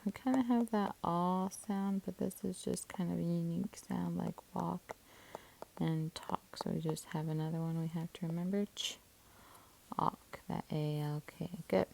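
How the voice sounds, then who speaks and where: A woman's voice: lowish voice, steady tone, a little slow, gravelly, darkish tone, low-quality recording. A woman teaching a spelling lesson, patiently sounding out syllables and coding words, sometimes dropping to a whisper.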